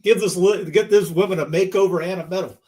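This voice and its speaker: Lively, slightly high-voiced male co-host. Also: quick pace. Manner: animated, mocking voices in quotes. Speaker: podcast co-host. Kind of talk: casual chat.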